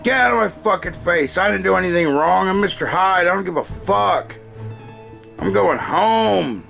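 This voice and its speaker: A man's voice: sits high, expressive, normal speed, gravelly, a bit bright, faint music behind, heavily acted. A man doing a foul-mouthed brute sneering. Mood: dismissive. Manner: swearing, sneering, dismissive. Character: brutish foul-mouthed male monster-man, contemptuous.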